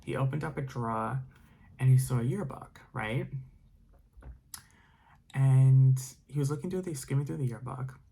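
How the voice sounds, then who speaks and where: A man's voice: mid-range voice, normal speed, vocal fry, pauses often, mellow, husky. A man telling a spooky story casually, rambling with many fillers and dropping into whispers. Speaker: storytime narrator.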